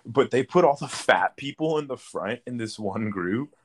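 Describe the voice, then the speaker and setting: Casting: young male podcast host, mid-pitched, animated storyteller, laughs a lot. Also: normal speed. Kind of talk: casual chat.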